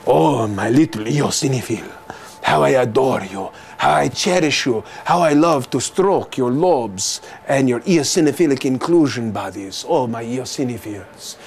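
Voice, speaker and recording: A man voicing a lovesick man who croons adoring words in a low, drifting murmur. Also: expressive, measured pace, creaky, slight background noise. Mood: swooning.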